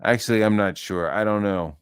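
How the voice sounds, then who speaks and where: A man's voice: on the low side, a little fast, clear, resonant tone. A man delivering a profane, heated rant as an online commentator, swearing freely and mocking his target.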